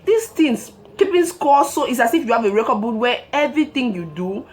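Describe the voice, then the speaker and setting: A woman's voice: a little high, lively intonation, fast talker. A woman hosting her own show, giving relationship advice in an emphatic monologue and repeating her key phrases.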